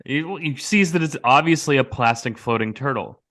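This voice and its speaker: An American man with a mid-range voice and a fairly quick pace tells a prank story in casual conversation. He is animated throughout, voicing the people's quotes loudly.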